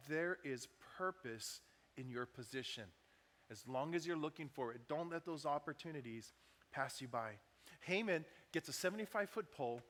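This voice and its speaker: A man's voice: fairly high pitch, a bit bright. A man preaching a sermon as pastor, talking conversationally and acting out what people said. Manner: conversational preaching with acted-out quotes. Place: church sanctuary. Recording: church hall reverb.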